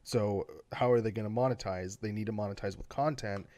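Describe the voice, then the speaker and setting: A man's voice: on the low side, a little fast, dark tone, dry recording. A man co-hosting a gaming podcast, talking in a loose, rambling way full of fillers and restarts. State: has the hiccups. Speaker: podcast co-host. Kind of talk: casual chat.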